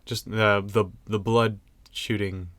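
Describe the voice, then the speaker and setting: A man's voice: lowish voice, flat delivery, slow pace, a bit bright, dry recording. A young man co-hosting a podcast in casual chat, joking and rambling with frequent laughs. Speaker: podcast co-host.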